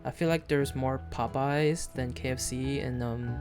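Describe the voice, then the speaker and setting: A man's voice: medium pitch, fairly even intonation, a little slow, music in the background. A man streaming a video game live, chatting casually in a rambling, hesitant way with lots of fillers and restarts.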